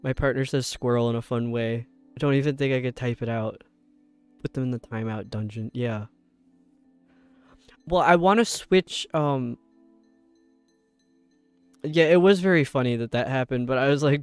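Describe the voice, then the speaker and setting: A young man with a New York accent chatting casually with viewers while streaming, rambling and sounding out words slowly. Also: medium pitch, clear, resonant tone, no room sound. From upstate New York. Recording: dry close mic with faint game music.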